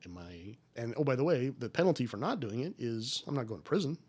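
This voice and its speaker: Speaking fast in a mid-range, slightly rough voice, this former federal agent from the United States is in his forties. He's a podcast guest swapping stories in an interview, folksy and emphatic, and he grows animated as he retells events.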